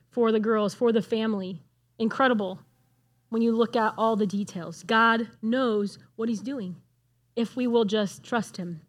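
A middle-aged woman giving a conversational sermon, earnest and asking the room questions. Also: on the high side. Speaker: speaker at a church gathering.

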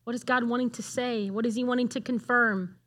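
A woman's voice: a little high, steady tone, fairly quick, a bit bright. A middle-aged woman giving a conversational sermon, earnest and asking the room questions. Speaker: speaker at a church gathering.

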